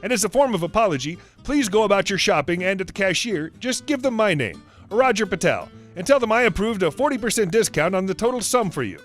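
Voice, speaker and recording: A man's voice: sits high, big pitch swings, fast, few pauses, fairly bright tone, soft background music. A man putting on an Indian accent to play a courteous, apologetic store manager. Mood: soothing. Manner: polite, soothing, overly courteous.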